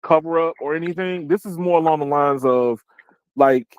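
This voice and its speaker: Slangy excitable man hosting tech chat. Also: on the high side, moderate pace, clear, resonant tone, no echo, low-quality recording. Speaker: host.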